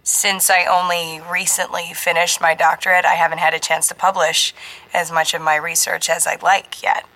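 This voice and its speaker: A woman voicing a cautious, older-sounding woman scientist with a slightly hoarse voice and a faint American West Coast accent. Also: lowish voice, flat delivery, normal speed, bright, forceful tone, low-quality recording. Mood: guarded.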